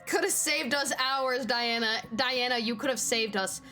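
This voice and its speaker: A young woman streaming a game, reacting in an excitable, laughing way with some swearing. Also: fairly high pitch, measured pace. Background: game music.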